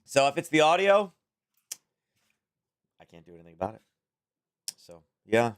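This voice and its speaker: A slightly hoarse man hosting a trading livestream from home, talking casually and thinking aloud into a close microphone. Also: a little high, big pitch swings, moderate pace. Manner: rambling, thinking aloud, chuckling asides. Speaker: trading stream host. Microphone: close-up desk microphone.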